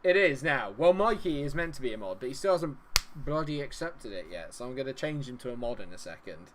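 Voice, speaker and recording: A man's voice: medium pitch, lively intonation, a little fast, slight background noise. A young man streaming a game, chatting and joking with viewers, laughing often. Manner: chatty, jokey, laughs often, talks to chat. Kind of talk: live-stream chat with viewers.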